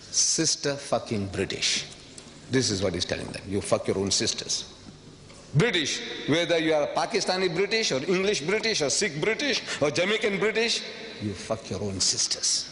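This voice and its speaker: A man giving a public lecture to an audience, emphatic and rhetorical, repeating phrases and swinging from quiet asides to sudden high outbursts. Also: big pitch swings, moderate pace. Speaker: public speaker. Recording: long hall reverb, faint background noise.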